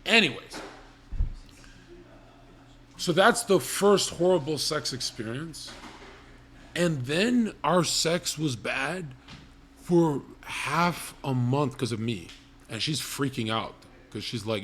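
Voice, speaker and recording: A man's voice: on the high side, expressive, slow, a bit bright, slight background noise. A young man hosting a livestream, telling crude comedic stories in a blunt, rambling, profane way. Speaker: livestream host.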